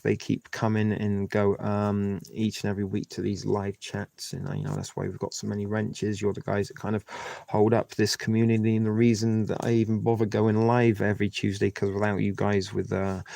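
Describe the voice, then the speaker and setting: A low-pitched man with a gravelly, fry-edged voice hosts a casual live stream. He rambles in a friendly way and talks straight to his viewers. The sound is close and dry, with no room echo. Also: darkish tone. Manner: rambling, chatty, addresses viewers directly. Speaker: livestream host.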